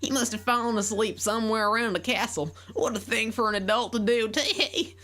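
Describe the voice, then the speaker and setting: A woman's voice: on the high side, a little fast, a bit bright, pitched above the performer's own voice, natural voice. A woman voicing a cheerful young country farm girl with a put-on country accent, giggly and sing-song. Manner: giggly, sing-song, says tee hee. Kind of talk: voicing game characters on a live stream.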